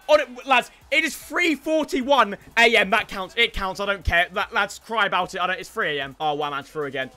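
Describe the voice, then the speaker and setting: Excitable young gamer, high bright voice. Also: male voice, fairly quick, hardly any pauses, soft background music, some chatter behind. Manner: excitable, shouts in bursts, stammering restarts. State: tired late at night. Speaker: gaming YouTuber. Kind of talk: excited gameplay commentary.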